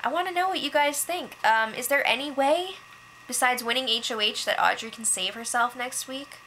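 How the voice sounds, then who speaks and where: Bright chatty young woman recapping gossip. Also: high-pitched, slight background noise, poor audio. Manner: chatty gossiping, quick quoted voices, fillers like "like". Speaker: show update host. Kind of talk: casual recap vlog.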